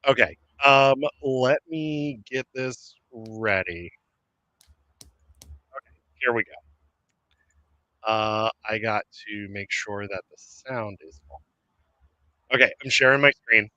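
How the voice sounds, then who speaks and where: A man's voice: lowish voice, slow pace, long pauses, pushed and bright, no room sound, lo-fi sound. A man hosting a streamed podcast, chatting casually and rambling with many fillers and laughs. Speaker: podcast host. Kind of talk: casual chat.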